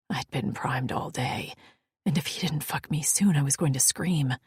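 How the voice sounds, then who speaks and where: Woman narrator, whispered audiobook read, very breathy, slow unhurried delivery. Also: sits low, no room sound, studio quality. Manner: intimate, hushed.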